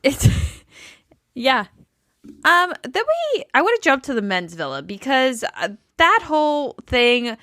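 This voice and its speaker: A woman co-hosting a podcast in casual chat, her pitch swinging widely as she acts out what people said. Her voice is bright and a little high, recorded dry and close. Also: slow, no room sound. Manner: animated, acts out quotes of the cast. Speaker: podcast co-host. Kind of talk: casual chat recapping a reality show.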